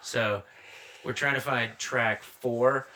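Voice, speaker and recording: Young comic guy on a podcast, mic jammed right up on his mouth, bright punchy voice, laughs through his stories. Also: medium pitch, slow, a little hiss or hum. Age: young adult. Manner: animated, laughing anecdotes. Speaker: guest comedian. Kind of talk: casual podcast storytelling. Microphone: handheld mic held close to mouth.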